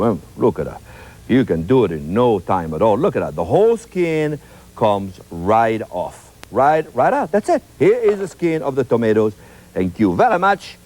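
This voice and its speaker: Brief: male TV chef, high lively voice, chatty and eager, repeats "very, very" for emphasis. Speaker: TV cooking show host. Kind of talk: cooking demonstration. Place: TV studio kitchen.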